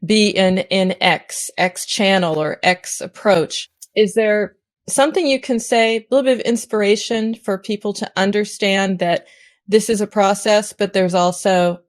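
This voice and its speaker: A woman's voice: medium pitch, a little slow. Chatty woman podcast host. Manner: lively, chatty questioner. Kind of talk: interview podcast.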